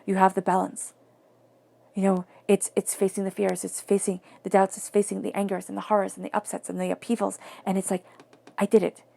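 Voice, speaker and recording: A woman giving a tarot reading in a soft, flowing, reflective way, sometimes dropping to near-whispers. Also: medium pitch, monotone, brisk, gravelly. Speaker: tarot reader.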